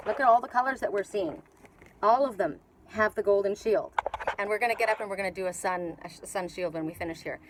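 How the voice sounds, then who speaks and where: A woman's voice: medium pitch, poor audio. Canadian woman, middle-aged, tarot reader, casual rambling talk, restarts and fillers, outdoor patio, faint background noise. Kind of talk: casual spiritual reading.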